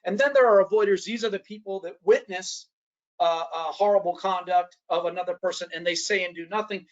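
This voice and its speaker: A man's voice: high-pitched, a bit bright, highs cut off. Man telling a story in a workshop talk. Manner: storytelling, frequent "uh, uh" and tag questions "right?". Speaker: workshop speaker. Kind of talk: anecdotal presentation to an audience.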